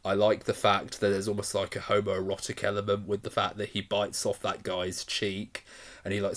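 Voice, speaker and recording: Low-voiced man rambling through a film review. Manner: enthusiastic and rambling, often laughing. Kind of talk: casual spoken film review.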